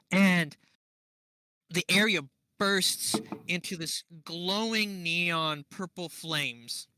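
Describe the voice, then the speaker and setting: A man narrates a tabletop game as game master in an unhurried, higher-than-usual voice. His tone is bright and forward. The sound is dry and close. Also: no echo, low-quality recording. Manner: unhurried, laughs often, thinking aloud.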